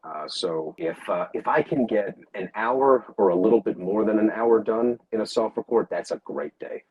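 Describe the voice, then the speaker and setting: A man who works as an audiobook narrator, answering interview questions in a halting way, with many fillers and restarts. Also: fairly low pitch, husky, phone-quality sound.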